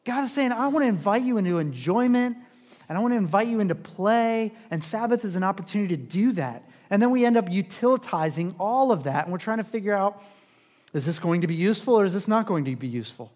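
A man preaching a sermon in a conversational way, asking rhetorical questions and swinging between loud and hushed. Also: high-pitched, expressive, fast talker. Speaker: pastor. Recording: long reverb of a large hall.

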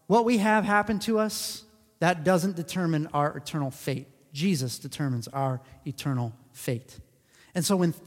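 A male pastor preaching a sermon in an earnest way, repeating phrases for emphasis. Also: high voice. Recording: long hall reverb.

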